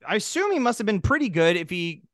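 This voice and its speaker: A man's voice: sits high, big pitch swings, fast talker, a bit bright, no room sound, clean studio sound. A man co-hosting a podcast, casual comedic banter in a loose, profane, jokey way. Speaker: podcast co-host.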